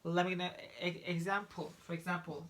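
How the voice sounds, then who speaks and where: A man's voice: high voice, flat delivery, brisk, a bit bright, slight background noise. A man teaching English pronunciation, repeating each example word several times and often restarting his sentences. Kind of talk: pronunciation lesson.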